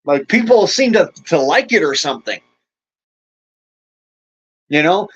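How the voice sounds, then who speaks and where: A man's voice: on the high side, very animated, a little slow, pauses often, husky, highs cut off. A man hosting a livestream, ranting casually to his chat in a crude, rambling way and chuckling often. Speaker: livestream host.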